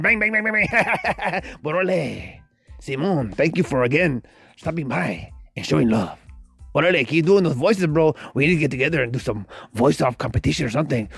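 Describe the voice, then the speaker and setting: A man voicing a brash, loud Mexican-American radio-jock character who talks in profane, hyped-up slang. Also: on the high side, breathy edge, dry recording, pitched above the performer's own voice, full character voice. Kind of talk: voice-message banter.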